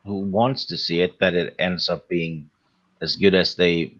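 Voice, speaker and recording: A man with a very low voice joins a casual panel chat, talking hesitantly and filling his speech with pauses. His audio is dull and muffled, like a lo-fi call. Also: steady tone, fairly bright tone. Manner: slow, hesitant, full of uhs.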